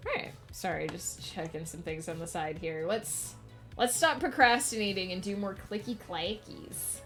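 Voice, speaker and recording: A woman's voice: on the low side, moderate pace, fairly bright tone, faint music behind. A woman streamer chatting casually while she writes, rambling and laughing often.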